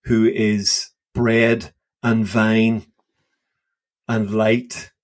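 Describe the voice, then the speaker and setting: A man co-hosting a podcast, talking through Bible passages with lively enthusiasm and emphatic, acted-out quotes. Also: on the low side, extremely slow. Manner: enthusiastic, emphatic, acts out scripture dialogue. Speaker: podcast co-host. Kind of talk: casual Bible discussion.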